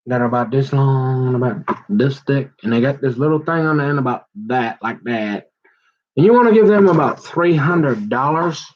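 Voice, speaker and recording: A man spins a meandering, joking story full of restarts, "you know"s and folksy slang. His voice sits a little high for a man. The recording is dull and lo-fi. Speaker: vlogger. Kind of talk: rambling comedic monologue.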